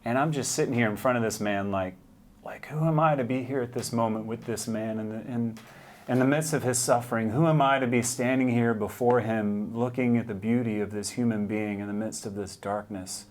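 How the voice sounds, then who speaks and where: A man telling a personal faith testimony, earnest and vivid, going hushed and quiet at the moving parts. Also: medium pitch, fairly even intonation, a little fast. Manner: earnest, hushed when moved, vivid retelling. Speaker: speaker sharing a testimony.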